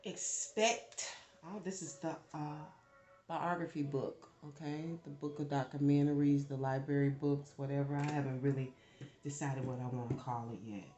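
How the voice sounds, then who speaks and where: A woman giving a casual tarot reading, chatty and animated, swearing freely when she gets worked up. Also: low voice, moderate pace, reverberant, slight background noise. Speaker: tarot reader.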